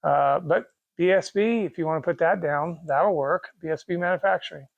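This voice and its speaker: Folksy gravelly Kansas man, middle-aged. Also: on the high side, moderate pace, dry recording, narrow, tinny audio. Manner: rambling, folksy, with restarts and quoted dialogue. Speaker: race car parts business owner. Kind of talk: casual storytelling.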